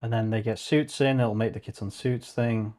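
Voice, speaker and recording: A man's voice: mid-range voice, steady tone, normal speed, warm tone. Man muttering to himself while coding. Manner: mutters to himself, swears casually. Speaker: vlogger coding on stream. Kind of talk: casual thinking aloud while working.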